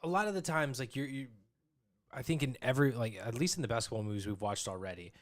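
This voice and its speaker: A man co-hosting a movie review podcast, talking casually and excitedly into a close mic, with quick restarts. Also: medium pitch. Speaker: podcast co-host.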